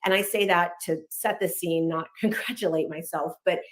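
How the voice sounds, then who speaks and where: A woman in her thirties from Los Angeles, telling her personal story quickly and candidly, acting out bits of dialogue along the way. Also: lowish voice. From Los Angeles, United States. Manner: fast, candid, animated retelling with quoted dialogue.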